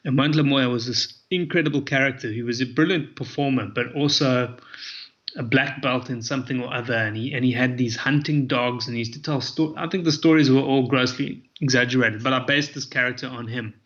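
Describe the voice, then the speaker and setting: A man's voice: medium pitch, steady tone, a little fast, a bit bright. A man, a comedian telling rambling, self-correcting stories in a casual interview, on dull lo-fi audio. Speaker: comedian guest.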